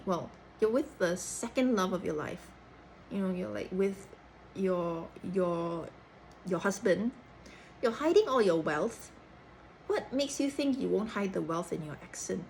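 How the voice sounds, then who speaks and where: A young woman from Singapore with a Cantonese-tinged, third-culture Singaporean English accent, talking in a chatty, animated casual way. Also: medium pitch, a little hiss or hum, rough recording. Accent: Singaporean English with Cantonese influence, third culture. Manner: chatty, animated, frequent "like" and "lah". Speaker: actor. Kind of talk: casual chat.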